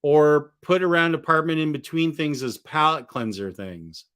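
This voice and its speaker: Here the comic-collecting streamer sounds fairly high-pitched, a bit bright and clean-toned, moving at a moderate pace. Sitting among bookshelves in his apartment, he chats loosely with viewers, answering their questions, restarting often, and hiccuping along the way.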